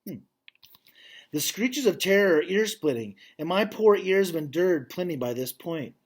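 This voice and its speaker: A man reading a children's novel aloud, voicing the dog narrator and pausing for casual asides. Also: high-pitched. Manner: lively, stops to chat about the story.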